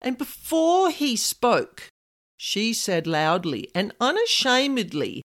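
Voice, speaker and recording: A woman's voice: on the high side, big pitch swings, slow pace, a bit bright. A woman narrating a personal story in a conversational way with casual asides.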